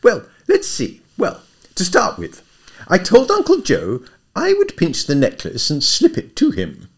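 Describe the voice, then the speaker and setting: A man voicing a dim, excitable young upper-class English gentleman who sounds plaintive and flustered. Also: sits high, a little slow, husky, pitched above the performer's own voice, full character voice. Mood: rambling.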